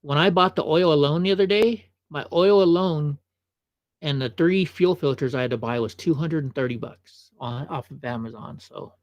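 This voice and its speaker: A man's voice: fairly high pitch, normal speed, no echo, dull audio. Chatty man reacting on a livestream. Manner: chatty, offhand asides. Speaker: livestream host. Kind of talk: casual reaction commentary.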